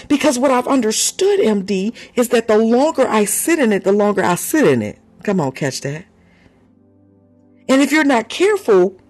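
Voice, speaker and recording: A woman preaching with a lively, swooping voice that carries a slight huskiness. She talks to her congregation in a casual, animated way, laughing and calling out praise. Soft music plays underneath. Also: mid-range voice, breathy edge. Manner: animated and conversational, with laughs and sudden shouts of praise. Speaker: apostle and preacher. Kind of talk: sermon.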